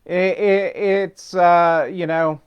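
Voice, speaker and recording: Chatty rambling man with a high, clear voice. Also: steady tone, takes it slowly, highs cut off. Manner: chatty and rambling, with many fillers, restarts and chuckles. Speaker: host of a weekly business update. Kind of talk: casual unscripted talk.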